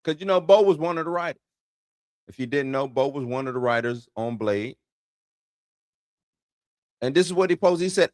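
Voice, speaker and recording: A man's voice: mid-range voice, lively intonation, moderate pace, pauses often, darkish tone, no echo, clean studio sound. A man hosting an entertainment news show in loose, slangy casual commentary, chuckling between points.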